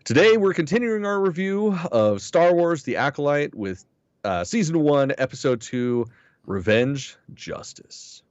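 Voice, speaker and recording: A man hosting a casual podcast, wry and a bit halting, sometimes repeating words. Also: fairly high pitch, lively intonation, darkish tone, clean tone, no echo. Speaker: podcast host. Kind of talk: casual chat. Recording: dull lo-fi mic.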